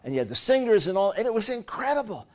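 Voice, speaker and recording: A middle-aged man preaching a sermon, telling stories in an animated way, with loud high bursts when he acts out what people said. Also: fast. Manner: animated storytelling, rising to loud high-pitched bursts when acting out quotes.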